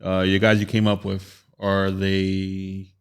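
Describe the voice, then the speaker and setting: A man co-hosting a podcast in casual chat, playful and quick to joke. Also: deep voice, monotone, clear, resonant tone. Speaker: podcast co-host.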